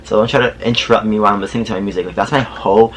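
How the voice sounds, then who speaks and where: A young man telling a story to camera in a casual vlog, sassy and animated, swearing freely and laughing often. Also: on the low side, racing, slight background noise.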